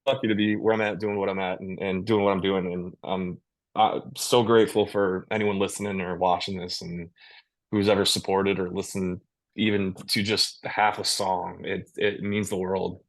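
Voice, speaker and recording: A man's voice: low voice, flat delivery, normal speed. A man, a touring metal musician, talking casually in an interview over a video call, rambling with restarts and easy laughs. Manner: laid-back, rambling with many restarts and laughs.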